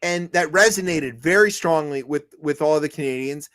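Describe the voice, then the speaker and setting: On a comedic news podcast, a male co-host wanders through jokes, frequently starting over and doing mock quotations. He speaks at a moderate pace in a high-leaning voice with a fairly bright tone.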